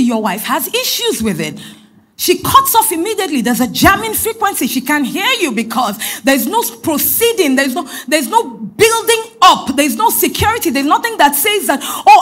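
Woman pastor, high voice, very animated pitch, emphatic repeating sermon delivery. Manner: emphatic preaching with repeated phrases; swings between loud emphatic lines and soft asides.

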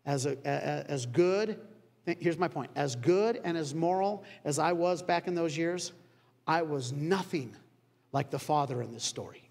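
A male pastor preaching a sermon, telling a story in a conversational way with dramatic pauses. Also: on the high side, creaky, darkish tone. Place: church sanctuary. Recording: long church hall reverb.

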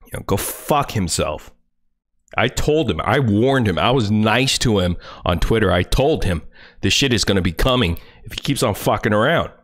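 A man's voice: on the low side, lively intonation, moderate pace, a bit bright. A man livestreaming, ranting furiously and confrontationally, full of profanity. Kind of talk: angry livestream rant.

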